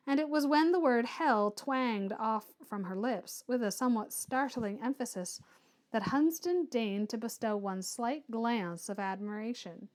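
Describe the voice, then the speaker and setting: Woman reading an old novel out loud, steady and measured, slightly high voice. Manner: measured, even storytelling. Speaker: audiobook reader. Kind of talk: reading a classic novel aloud.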